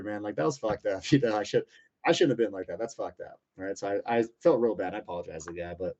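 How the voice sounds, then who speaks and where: A man's voice: fairly low pitch, fast talker, mellow. A man in his thirties, a fighter, telling a story in a casual interview, swearing freely and rambling with lots of fillers. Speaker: UFC lightweight fighter, interview guest. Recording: muffled lo-fi audio.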